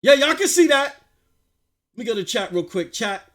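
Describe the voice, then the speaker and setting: A man hosting a live stream, talking excitedly about gaming with frequent shouted bursts. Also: extremely high pitch, normal speed. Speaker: livestream host.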